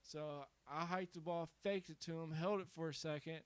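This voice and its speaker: A young man in casual podcast chat, ribbing his co-host and drawing out his own stories in a relaxed way. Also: fairly high pitch, smooth, no echo. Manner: relaxed, ribbing reactions, drawn-out storytelling.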